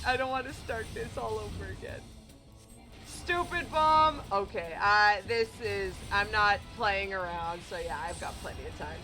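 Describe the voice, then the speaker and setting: Casting: excitable woman gamer, high bright voice, unhurried, faint game music under her. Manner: excitable, exclaiming and laughing at the game. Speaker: gamer playing on a channel. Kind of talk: casual let's-play commentary.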